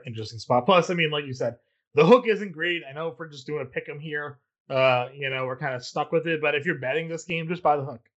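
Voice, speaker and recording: A man's voice: mid-range voice, a bit bright, muffled recording. A man co-hosting a casual sports betting talk, reasoning through picks with many fillers. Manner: measured, filler-heavy reasoning. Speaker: sports betting podcast co-host.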